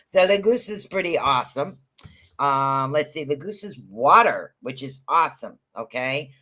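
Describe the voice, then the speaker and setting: A man's voice: mid-range voice, animated, moderate pace, sharp tone. Rambling, chatty man reading runes live. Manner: chatty, rambling, repeats words, calls listeners honey. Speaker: podcast host giving live rune readings. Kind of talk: casual livestream rune reading.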